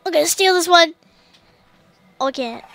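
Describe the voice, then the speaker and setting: Very high, excitable gamer woman. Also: measured pace, vocal fry, no echo. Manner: excitable, yells commands at the game; talks to herself and to creatures on screen. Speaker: gamer streamer. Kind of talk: casual let's play commentary.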